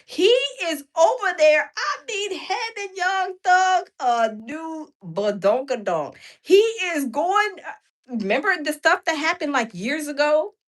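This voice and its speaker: A woman hosts a casual live stream, her voice sitting high and swooping widely as she jokes and chats with the audience. She laughs often and talks in an animated, gossipy way. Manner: animated, laughing, chatting with viewers. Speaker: livestream host.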